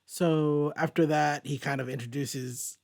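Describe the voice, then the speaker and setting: Male host, slightly high-pitched, rambling and thinking aloud in a casual comic book review, dry recording. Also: steady tone, unhurried, gravelly, a little mellow, dry recording.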